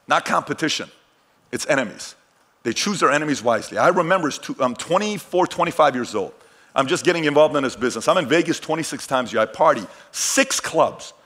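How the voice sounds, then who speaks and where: A middle-aged man telling personal stories in a motivational talk, swinging from hushed lines to shouted ones. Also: medium pitch. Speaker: keynote speaker.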